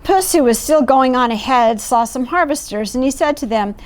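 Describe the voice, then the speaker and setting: A middle-aged woman with a high, expressive voice reads a picture book aloud at a moderate pace. She's a volunteer storyteller who pauses to point out the pictures and chat warmly about the story.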